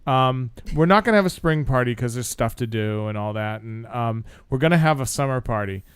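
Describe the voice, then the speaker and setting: Middle-aged guy co-hosting, dry teasing chat, smooth voice, pretty dead dry sound. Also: mid-range voice, expressive, fairly quick, dry recording. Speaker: co-host. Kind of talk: casual chat.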